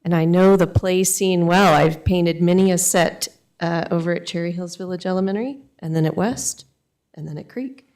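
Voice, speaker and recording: Woman, low-pitched, council meeting, brief, reads out names. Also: normal speed, darkish tone. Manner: brief, reads out the next speaker's name. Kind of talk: public comment at a council meeting. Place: council chamber.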